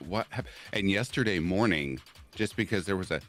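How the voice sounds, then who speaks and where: A man with an extremely deep voice chats playfully on a livestream and laughs often. Faint music hums behind him. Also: animated, normal speed, a bit bright. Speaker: guest. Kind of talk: casual chat on a livestream.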